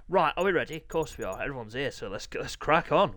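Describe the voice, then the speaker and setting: Lively man calling a sim race. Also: mid-range voice, fast talker, hardly any pauses, no echo. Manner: chatty, jokey, teasing, clears throat often. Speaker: race commentator and league host. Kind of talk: live sim racing commentary.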